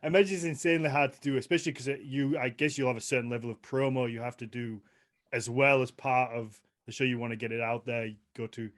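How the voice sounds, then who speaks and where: A young man hosting a podcast, asking relaxed questions and dropping quick, supportive asides. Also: medium pitch. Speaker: podcast host. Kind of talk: casual interview chat.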